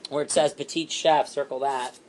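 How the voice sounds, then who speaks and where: A man training a sales team, animated and repetitive, acting out what to say to customers. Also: medium pitch, background noise. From Italian heritage. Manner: animated, fast and repetitive, acts out customer lines.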